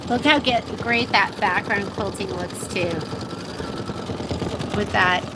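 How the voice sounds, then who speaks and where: A woman's voice: mid-range voice, takes it slowly, heavy background noise. A woman chatting as she runs a live machine embroidery demo in a sewing shop, thinking aloud while she works. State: coughing at times.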